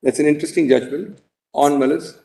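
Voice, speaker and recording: A man with an Indian English accent arguing before a court bench, reading from judgments in a deliberate, emphatic way and repeating key words for stress. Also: fairly high pitch, fairly even intonation, creaky, warm tone, slight background noise. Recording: roomy courtroom audio, mic far off.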